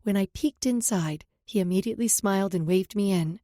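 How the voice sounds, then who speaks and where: A woman's voice: medium pitch, brisk, mellow, no echo. A woman narrating a first-person romance audiobook in an emotive, intimate storytelling manner, recorded on a close studio mic.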